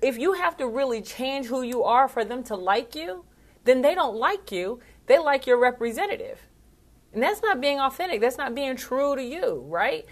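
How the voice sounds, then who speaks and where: Middle-aged woman speaking coach, slightly high voice, animated and chatty, casual talk. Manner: animated, conversational, quick asides and laughs. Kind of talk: casual talk to camera or live stream.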